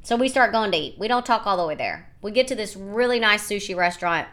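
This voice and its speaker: Bright-voiced woman telling a story. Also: mid-range voice, quick pace. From United States. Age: 30s. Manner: animated, rambling, quotes others in her retelling. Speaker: podcast host. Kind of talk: casual storytelling monologue.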